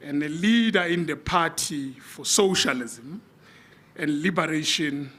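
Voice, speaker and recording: A man chairs a conference panel in a slightly raised, ordinary voice. He is earnest and a little hesitant, pausing on filler words as he addresses the room and hands over the floor. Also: a little high, fairly bright tone. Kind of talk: conference moderation.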